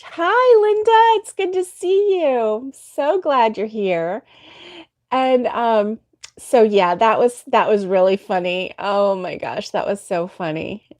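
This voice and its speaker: A woman's voice: fairly high pitch, no room sound, studio quality. A woman hosting a crochet livestream, telling a story in casual chat and laughing often.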